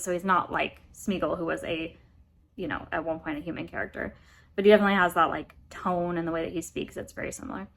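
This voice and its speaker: American woman, lowish voice, chatty rambling book vlogger, apologetic asides. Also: vocal fry, fairly bright tone. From United States. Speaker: book reviewer. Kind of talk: casual book review vlog.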